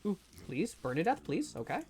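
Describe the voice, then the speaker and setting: A man's voice: high voice, big pitch swings, moderate pace, background noise. A man streaming a game live, chatting casually to his viewers in a rambling, joking way and often stumbling over words. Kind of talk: casual live gameplay commentary.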